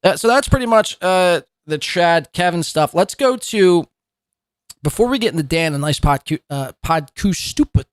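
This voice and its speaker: A man's voice: high-pitched, expressive, normal speed, smooth, dry recording. A man hosting a live commentary podcast, talking in a profane, mocking and rambling way. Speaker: podcast host.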